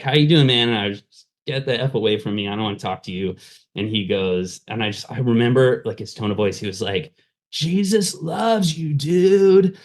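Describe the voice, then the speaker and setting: Low-voiced man telling his story. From Southern California. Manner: candid, conversational, many fillers. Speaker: pastor and fundraising consultant, guest. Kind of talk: casual interview storytelling.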